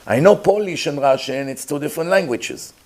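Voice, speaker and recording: A man's voice: on the high side, animated, fairly quick, darkish tone. A man giving an informal talk as a rabbi, earnest and emphatic, with grammar. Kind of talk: informal lecture.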